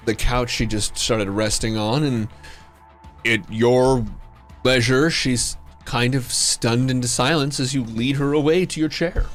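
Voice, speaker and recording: A man's voice: medium pitch, a bit bright. Man narrating as game master. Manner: descriptive, halting with restarts.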